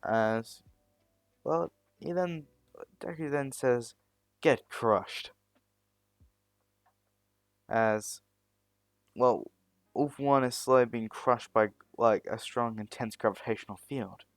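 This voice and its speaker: Rambling male storyteller, slow. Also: medium pitch, dry recording, clean studio sound. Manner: rambling, self-correcting. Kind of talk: fan story narration.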